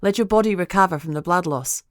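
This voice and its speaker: A woman's voice: on the low side, quick pace, no echo, studio quality, pitched above the performer's own voice, natural voice. A woman voicing a brash, casual young witch fighter with an Australian accent in an audiobook. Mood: breezy. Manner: breezy, offhand and teasing. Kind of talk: audiobook character voice.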